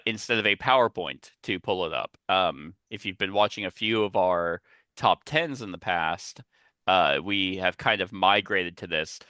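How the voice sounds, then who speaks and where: A man's voice: lowish voice, bright, forceful tone, dry recording. A man hosting a podcast in casual chat, rambling and chatty with lots of asides, talking on a headset. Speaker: podcast host.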